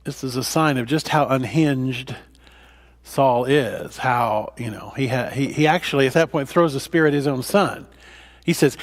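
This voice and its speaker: A man's voice: medium pitch, normal speed. A man, a pastor, leading a Bible study in a conversational way, with fillers and restarts, acting out the scripture dialogue. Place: church.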